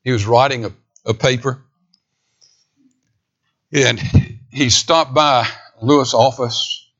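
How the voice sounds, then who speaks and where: Delivering a sermon, a man with a medium-pitched voice preaches emphatically, climbing to raised declamation before sinking to a hushed near-whisper. The audio sounds dull.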